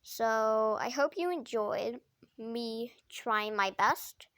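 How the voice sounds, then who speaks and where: A woman's voice: a little high, takes it slowly. A female vlogger chatting casually while stacking toys, nervous and full of "like" and "oh my gosh". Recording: loud clicking noise behind voice.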